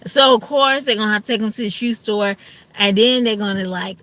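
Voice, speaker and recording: This vlogger's mid-range voice is a little fast, pushed and bright. She's casually talking to camera while sleepy and bedtime-ready, every so often acting out how her family members sound.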